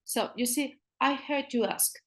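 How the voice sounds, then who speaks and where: A woman with a Spanish accent teaching a business English lesson online, repeating phrases slowly and switching into Spanish to explain. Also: high-pitched.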